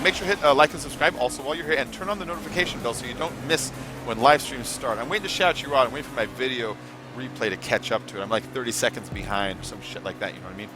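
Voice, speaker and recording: A man's voice: medium pitch, rapid-fire. A man chatting casually on his live gaming stream, rambling and swearing now and then, with music playing behind him. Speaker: gaming livestreamer.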